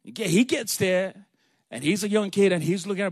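Male preacher, conversational Bible talk, slightly high voice, dry room. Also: a little fast, no room sound. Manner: conversational, retells scenes in casual slang voices. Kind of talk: informal Bible teaching.

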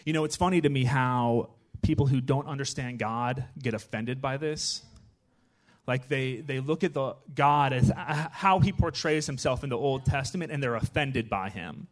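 A man giving a casual, conversational sermon in a church, chatty and animated, often checking in with his listeners. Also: medium pitch, normal speed. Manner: chatty, animated, with frequent "right?" asides. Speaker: guest preacher.

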